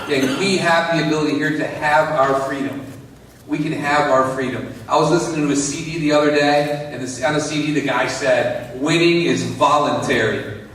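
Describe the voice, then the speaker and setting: A man's voice: fairly high pitch, a bit bright, slight background noise. A man giving an earnest, repetitive inspirational story at a business seminar, addressing listeners as you. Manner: earnest, repeats phrases, talks to listeners as "you". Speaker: motivational speaker. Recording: echoey hall from far off.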